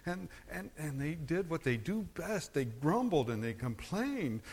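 A man preaching a sermon as a pastor, swinging from low, measured stretches to high, forceful emphasis. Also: big pitch swings, slightly rough. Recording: long hall reverb.

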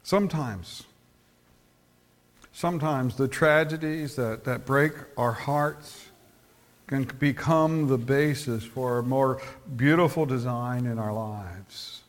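A man preaching a sermon as pastor, telling anecdotes and often repeating words as he goes. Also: medium pitch. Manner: tells stories, often repeats words, slows for emphasis.

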